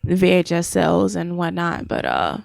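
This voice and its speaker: A woman co-hosting a podcast in casual chat, chatty and quick to laugh. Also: fairly low pitch, sing-song, gravelly, no echo, clean studio sound. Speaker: podcast co-host.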